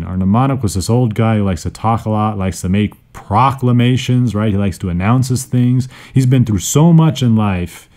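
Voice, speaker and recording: A man hosting a study podcast, teaching words in a playful, joking way with sudden jumps in pitch. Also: warm tone. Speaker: podcast host. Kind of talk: casual educational podcast monologue. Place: indoors, seated on a squeaky chair. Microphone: studio microphone.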